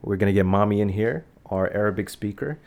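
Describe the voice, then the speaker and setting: A woman's voice: very deep voice, brisk, darkish tone. A woman hosting a casual podcast, rambling and self-mocking with frequent restarts. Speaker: podcast host.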